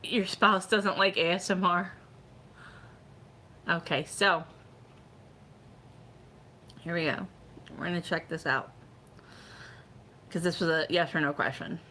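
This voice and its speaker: A woman's voice: on the low side, steady tone, slow pace, pauses often, bright, forceful tone, a little hiss or hum. A middle-aged woman chatting casually on a live stream, rambling with lots of "like" and "you know" as she gives fortune readings.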